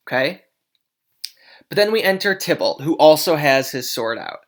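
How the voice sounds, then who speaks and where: A young adult teacher walks a class through a play in a relaxed, casual way. The teacher keeps checking in with the listeners as the explanation goes along. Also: mid-range voice, normal speed. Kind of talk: classroom lesson.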